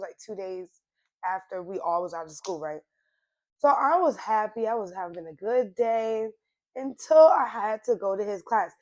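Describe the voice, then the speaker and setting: A young woman with a hoarse, worn-out voice tells a casual storytime straight to her viewers, in an animated, slangy way. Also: mid-range voice. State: hoarse, voice nearly gone. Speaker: storytime vlogger.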